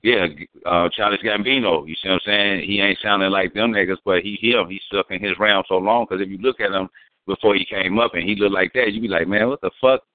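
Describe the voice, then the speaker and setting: A man's voice: deep voice, steady tone, brisk, no echo. A man in casual, profane, rambling talk, explaining slang terms and acting out quotes. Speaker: guest. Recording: dry, phone-like sound.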